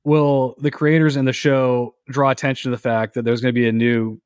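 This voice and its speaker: A man co-hosting a podcast in casual chat, earnest and hesitant, with frequent pauses to find his words. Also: medium pitch, level tone, a little mellow, smooth, no echo, clean studio sound. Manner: hesitant, many ums and uhs, earnest. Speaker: podcast co-host.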